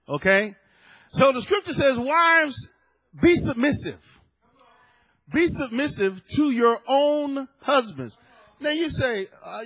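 High, lively, husky-voiced preaching man. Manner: swings between hushed storytelling and loud preaching shouts; acts out the people in his story with voices. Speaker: pastor. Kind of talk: sermon with storytelling.

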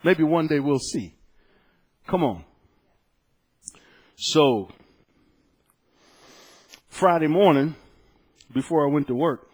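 A man preaching as pastor recounts a personal story, moving between loud exclaiming and soft, hushed telling. His voice is on the high side with a breathy edge, and he takes it slowly with frequent pauses.

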